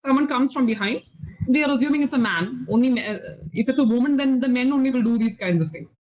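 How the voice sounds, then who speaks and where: High-voiced Indian English teacher, patient. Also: female voice, fast, darkish tone. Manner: patient, explanatory, frequent okay checks. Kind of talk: online English conversation lesson. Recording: slightly dull lo-fi audio.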